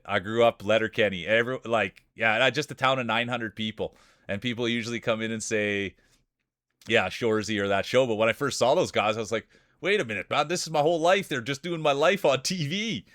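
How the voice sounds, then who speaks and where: A man with a broad rural Saskatchewan Canadian accent calls a live-streamed marble race at an ordinary pitch. He hypes up each racer with playful announcer shout-outs. The sound is dry and close, with no room in it. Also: smooth, dry recording.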